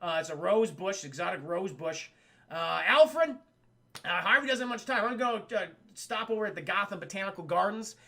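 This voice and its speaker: A man voicing a casual, offhand version of a male vigilante hero, speaking in a halting, profane paraphrase with little change from his own voice. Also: sits high, animated, pushed and bright, full character voice. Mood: urgent.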